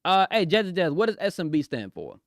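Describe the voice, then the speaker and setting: A young man chatting excitedly on a live stream, giggling often and talking in loose slang. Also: sits high, fast, creaky, no room sound, studio quality. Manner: excitable, giggly, slangy, keeps saying "bro". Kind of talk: casual live-stream chat. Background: faint music.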